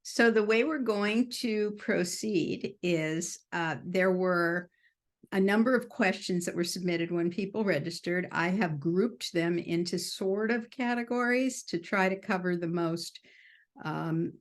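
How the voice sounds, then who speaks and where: Low-voiced woman hosting an online panel. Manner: measured, unhurried, with pauses and fillers. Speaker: host of an online clinic. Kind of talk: moderating a video-call panel. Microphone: video call.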